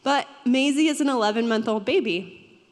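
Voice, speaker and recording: A woman's voice: fairly high pitch, normal speed. A young woman pastor giving a sermon in a church, talking in a conversational way and asking the audience questions. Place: church hall. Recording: long hall reverb.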